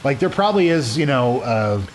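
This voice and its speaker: A man's voice: medium pitch, big pitch swings, normal speed, slight background noise. A man co-hosting a casual gameplay video, rambling and restarting his sentences and reading game text aloud. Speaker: let's play co-host.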